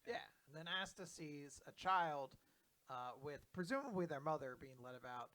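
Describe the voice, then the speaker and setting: A man with a bright, forceful tone and a fairly high voice chats loosely through comic recaps as a podcast co-host. He jokes and swears freely, keeping it casual and offhand. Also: lively intonation, moderate pace.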